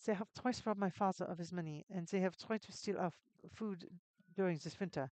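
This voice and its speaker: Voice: mid-range voice, darkish tone, no room sound, close to an everyday voice, poor audio. A streamer putting on Hildy, an earnest farm girl with a wandering accent. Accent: vague put-on foreign accent. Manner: earnest, simple, slightly halting. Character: young farmer's daughter, cheerful and earnest.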